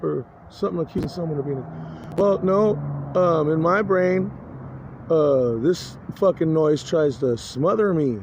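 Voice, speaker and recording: A man's voice: a little high, a little mellow. Agitated, cursing man rambling on camera. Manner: agitated, profane, halting with many restarts. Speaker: vlogger. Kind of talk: rambling personal monologue. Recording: dull lo-fi recording, faint noise.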